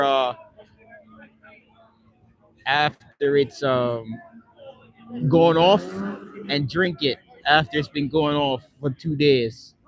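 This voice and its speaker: A livestreamer in London, not born in Britain, reads and answers chat in a rambling, casual way, swearing often and ending most lines with "man." His voice is a little high. The recording is dry and rough.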